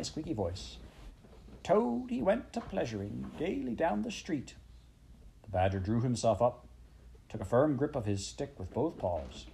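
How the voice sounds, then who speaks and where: A man narrating an audiobook with measured, expressive storytelling. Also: on the low side, slight background noise.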